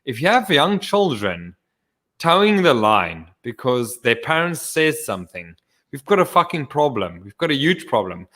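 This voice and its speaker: Man, podcast host, casual chat, profane, stammering restarts, mid pitch. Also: sing-song, moderate pace, pushed and bright. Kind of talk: casual chat over drinks.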